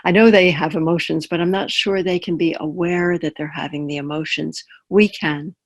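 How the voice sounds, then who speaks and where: A woman's voice: deep voice, steady tone, moderate pace. A woman palliative care chaplain giving a webinar talk in a conversational way, using personal examples and often checking in with her listeners.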